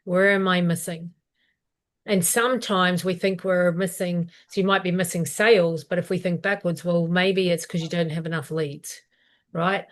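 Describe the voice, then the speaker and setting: A woman with a lowish voice co-hosts a business live stream at a normal speed. She is practical and steady, posing questions aloud as she explains things.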